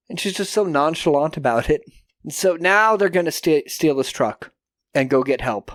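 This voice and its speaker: A man co-hosting a podcast, casually recapping a film and acting out the characters in quick put-on voices, with a lot of swearing. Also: fairly high pitch, fairly bright tone, no echo, studio quality. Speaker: podcast co-host.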